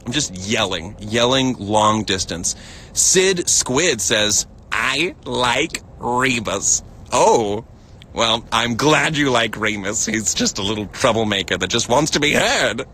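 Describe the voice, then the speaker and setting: Fairly low and lively in intonation, this young American man's pushed, bright voice moves at a measured pace as he reads chat on a casual outdoor stream in a field. He giggles often and fills his speech with fillers and restarts, with slight noise behind him.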